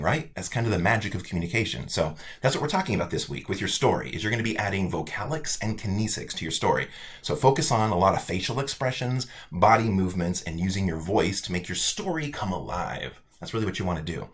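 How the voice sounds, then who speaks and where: A male college instructor giving a casual, animated weekly update to his online students. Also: sits low, fast talker. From United States.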